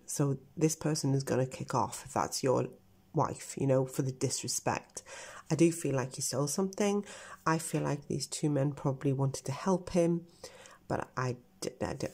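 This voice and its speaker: Deep-ish lady reading tarot cards on camera, earnest and speculative, middle-aged. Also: warm tone, husky. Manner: earnest, speculative, addresses viewers as guys. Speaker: tarot reader.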